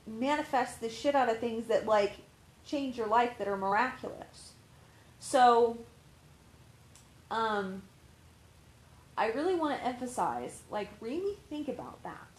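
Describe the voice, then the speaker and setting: In a rough, roomy recording, a woman with a slightly high voice talks to the camera as a life coach. Her advice is casual and candid, rambling, full of fillers and free swearing.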